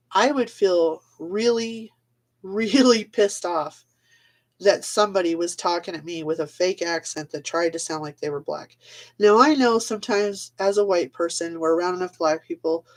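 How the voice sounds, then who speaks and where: A woman ranting on a live video in a blunt, casual way, swearing freely, laughing often and trailing off mid-thought. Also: on the low side.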